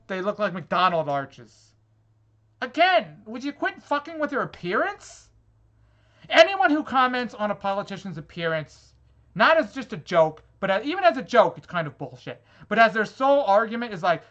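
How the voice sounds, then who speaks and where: A man's voice: sits high, very animated, normal speed, a bit bright, dull audio. A man reading online comments aloud in a vlog and reacting to them with sarcastic, swearing exasperation. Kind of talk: angry rant reacting to comments.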